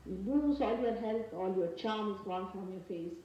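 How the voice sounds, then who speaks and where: A woman from India with an Indian English accent giving a spiritual lecture, earnest and emphatic, speaking in slow, halting phrases. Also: mid-range voice, muffled recording. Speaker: spiritual teacher. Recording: very echoey archival talk from a distance with faint noise.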